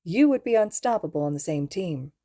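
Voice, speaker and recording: A woman reading aloud, voicing a brash, teasing middle-aged mother who talks loudly and gleefully. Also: fairly low pitch, lively intonation, brisk. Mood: earnest. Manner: loud and gleeful.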